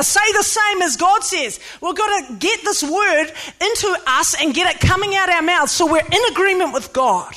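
High-voiced New woman preaching. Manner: emphatic, lively preaching with playful asides. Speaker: pastor. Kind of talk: sermon.

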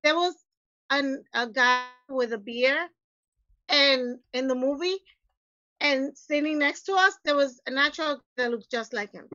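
Loud, animated middle-aged woman. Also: sits high, unhurried, no echo, lo-fi sound. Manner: loud, animated storyteller who breaks into Spanish. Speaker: podcast co-host. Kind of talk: casual chat.

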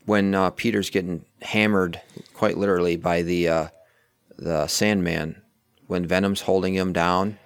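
A man's voice: low-pitched, fairly even intonation, a little slow, clean tone, no room sound, clean studio sound. A man talking casually about a movie, rambling and correcting himself as he picks apart its plot. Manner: rambling, self-correcting, analytical. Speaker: film review co-host. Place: outdoors near a street.

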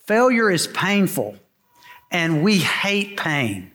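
A man's voice: high-pitched, sing-song, takes it slowly, bright, forceful tone. A middle-aged man preaching a sermon to a congregation, in an emphatic style that repeats its key lines. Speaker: pastor. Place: church sanctuary before a congregation.

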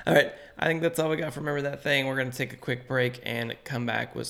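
Gravelly-voiced man, lively podcast host. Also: medium pitch, fast talker, hardly any pauses, music in the background. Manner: lively rambling storyteller. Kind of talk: casual chat.

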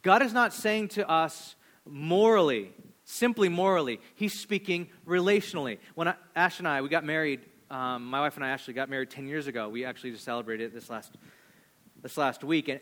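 High-voiced animated male preacher. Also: a little fast. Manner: animated, swinging from loud to hushed. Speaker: pastor. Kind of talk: sermon.

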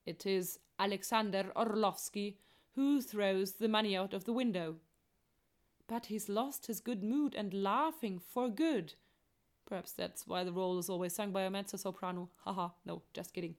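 A woman's voice: medium pitch, moderate pace. A woman walking through the plot of an operetta in a light, chatty tone, tossing in jokes along the way. Her voice sits in an ordinary middle range. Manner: chatty, joking asides. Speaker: opera plot explainer. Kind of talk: playful plot summary narration.

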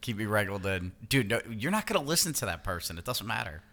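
A man's voice: fairly low pitch, very animated, fast talker, pushed and bright. A man co-hosting a podcast, talking in crude, laughing banter among friends. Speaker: podcast co-host. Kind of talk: casual chat.

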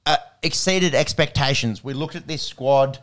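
A man's voice: mid-range voice, normal speed, fairly bright tone. An Australian man hosting a casual sports chat, rambling and slangy.

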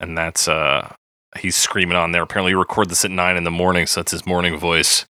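A man's voice: low-pitched, quick pace, clean tone, no room sound, studio quality. A man co-hosting a music review podcast, chatting casually with lots of fillers. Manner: relaxed, chatty, many fillers. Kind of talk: casual chat.

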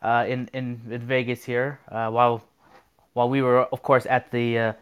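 Dude reading hockey news on a chat show, smooth clear voice, trips over names a bit. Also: male voice, medium pitch, level tone, moderate pace. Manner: chatty, self-deprecating, stumbles on names. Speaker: co-host. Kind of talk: casual sports radio chat, reading news items.

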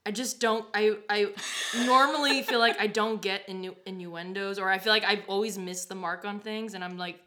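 A woman's voice: mid-range voice, fairly even intonation, moderate pace, noisy background. A woman who is a returning guest on a podcast, chatting casually in a sheepish, self-deprecating way. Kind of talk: casual chat.

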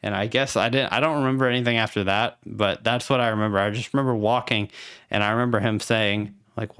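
Young man, podcast co-host, low voice, dry close sound, easygoing, hesitant chat. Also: steady tone, fast talker, fairly bright tone, smooth, no echo. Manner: easygoing, hesitant, with many fillers. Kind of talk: casual chat.

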